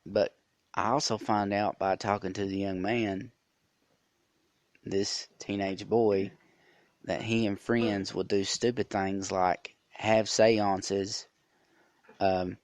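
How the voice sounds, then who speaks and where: Man, podcast host, rambling storyteller, low voice, dry close mic. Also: little pitch movement, slow, long pauses, no echo. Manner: rambling, with many fillers and restarts. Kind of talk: casual storytelling monologue.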